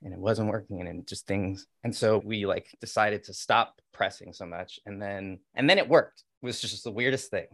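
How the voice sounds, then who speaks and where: A man's voice: lowish voice, normal speed, hardly any pauses, a bit bright, no room sound, studio quality. A man in his thirties, a podcast guest telling candid personal stories in a rambling way, with restarts and fillers. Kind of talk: candid conversational storytelling.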